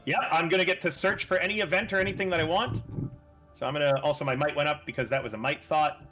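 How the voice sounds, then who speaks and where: A man playing a board game on a live stream, reading cards aloud and briskly explaining the rules to the others. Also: a little high, steady tone, a bit bright, soft background music.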